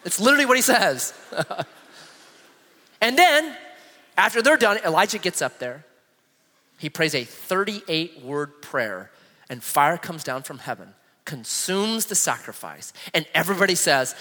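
Lively high-voiced preacher in a reverberant hall. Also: male voice, moderate pace. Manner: animated storytelling with acted-out quotes. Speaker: pastor. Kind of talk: sermon.

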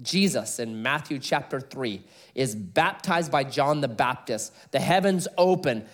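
A middle-aged man preaching an expository sermon, telling stories with animated delivery and laughing at his own jokes. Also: mid-range voice, a little slow. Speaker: pastor.

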